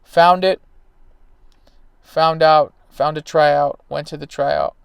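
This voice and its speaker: A man in his thirties tells a rambling, emphatic story in casual talk. His voice is a little high and gravelly, yet smooth and clear. The sound is dry and close. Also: fairly even intonation, takes it slowly, no room sound. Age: 30s. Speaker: baseball player and coach.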